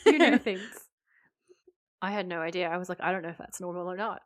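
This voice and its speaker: Animated woman recapping a show. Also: on the low side, a little fast. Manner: animated, acts out lines in quotes. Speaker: podcast co-host. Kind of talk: casual chat recapping a TV episode.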